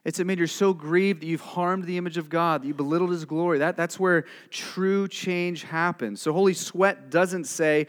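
A man's voice: steady tone, moderate pace, hardly any pauses. Preaching man in a reverberant hall. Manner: swings from quiet and low to loud and emphatic; direct, conversational, asks the listeners questions. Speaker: pastor. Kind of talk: sermon.

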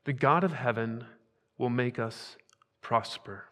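A male pastor preaching a sermon, emphatic, swinging between hushed asides and loud, rising declarations. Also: medium pitch, takes it slowly, in a large hall.

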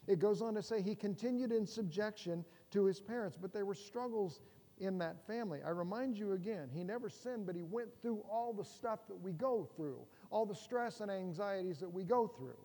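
A man's voice: high voice, normal speed, mellow. A middle-aged man preaching a sermon, conversational and humorous, with rhetorical questions to the congregation. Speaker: pastor. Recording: long hall reverb.

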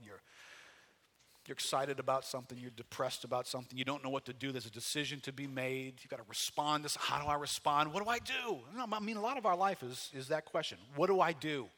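A pastor preaching a folksy, conversational sermon, full of rhetorical questions and loud bursts of emphasis. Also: male voice, on the high side. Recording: long hall reverb.

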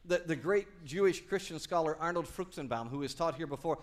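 A male pastor delivers a sermon, lively and conversational, and draws call-and-response from the congregation. His voice is fairly high for a man. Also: brisk. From Texas.

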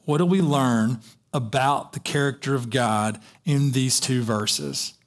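A man preaching a sermon, telling a story in an animated way with many restarts. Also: mid-range voice, takes it slowly.

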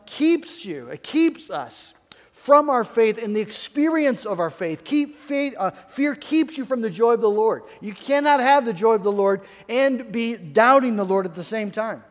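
A man's voice: very high-pitched, long reverb tail. A male pastor preaching a sermon in an earnest way, often repeating key phrases and restarting his sentences.

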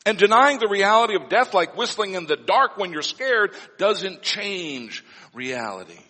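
A man preaching a sermon as a pastor, blunt and wry with slow dramatic pauses. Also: high voice, big pitch swings, pushed and bright. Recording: long hall reverb.

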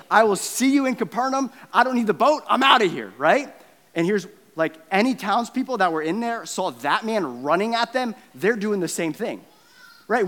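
A man preaching a sermon in a casual, animated way, with conversational asides and acted-out quotes. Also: big-room sound. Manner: acts out quotes and switches between loud punches and low, quiet stretches. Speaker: pastor.

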